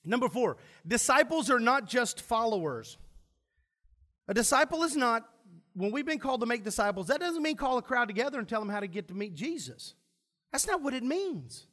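A man's voice: very high-pitched, sing-song, normal speed, bright, forceful tone. A pastor preaching a sermon to his church, emphatic, asking the congregation questions and answering them himself.

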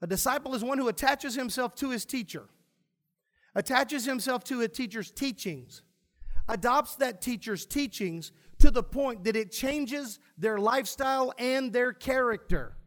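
A man's voice: very high voice, a little slow, a bit bright. A pastor preaching a sermon to his church, emphatic, asking the congregation questions and answering them himself.

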